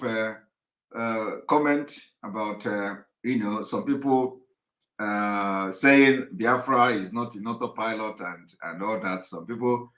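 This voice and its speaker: Bright-voiced Nigerian man, echoey room. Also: mid-range voice. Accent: Nigerian English. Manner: earnest, repeats his points for emphasis. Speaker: movement broadcaster. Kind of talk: live online broadcast monologue.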